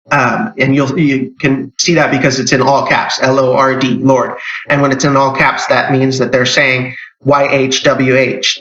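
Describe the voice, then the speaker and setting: A man's voice: medium pitch, a bit bright. A man, a church elder, giving an informal sermon in a conversational way, with emphatic rises and restarts. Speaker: church elder teaching a Bible lesson. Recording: echoey church hall, dull lo-fi sound.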